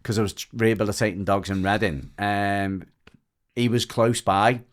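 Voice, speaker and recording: A man from the UK, a dog trainer guesting on a podcast, telling a story in rambling, animated casual chat full of restarts. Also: fairly low pitch, normal speed. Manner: rambling and animated, with frequent restarts and lively mimicry of others.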